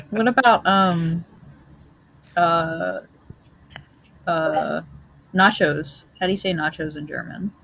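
A woman's voice: lowish voice, slow, gravelly, long pauses, a bit bright, rough recording. A woman guest on a casual podcast, playful and teasing the hosts. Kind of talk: casual chat.

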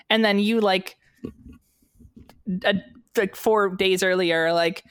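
Casting: young woman, mid-pitched, playful rambling co-host, dry sound. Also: moderate pace, dry recording. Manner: rambling, playful, many fillers. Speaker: podcast co-host. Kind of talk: casual chat. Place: unfinished basement.

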